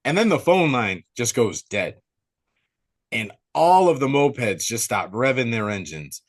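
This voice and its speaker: A young man hosting a podcast, retelling a movie plot in casual, excitable, slangy chat. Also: mid-range voice, measured pace. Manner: excitable storyteller, slangy, says dude a lot. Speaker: podcast host.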